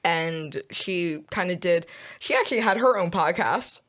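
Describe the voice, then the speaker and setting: Young woman guest, slightly low pitch, halting casual storyteller. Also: lively intonation, fairly bright tone. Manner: halting, laughs often while recounting. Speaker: podcast guest. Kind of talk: casual chat.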